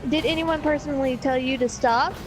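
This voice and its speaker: Young female co-host, high voice, blunt opinionated casual talk. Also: a little fast, poor audio. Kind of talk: casual chat over gameplay.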